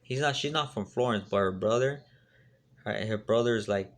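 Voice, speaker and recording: Young guy rambling thru a story, low gravelly voice, lots of slang and fillers, faint hiss behind. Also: normal speed. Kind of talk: casual storytelling.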